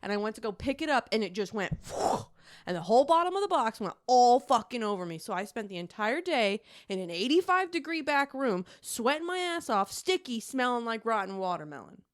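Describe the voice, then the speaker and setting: A young adult woman co-hosts a podcast in loose, casual chat. She talks animatedly, laughs often and swears freely. Her voice sits fairly high and swings widely in pitch. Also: very animated, a little fast. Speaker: podcast co-host.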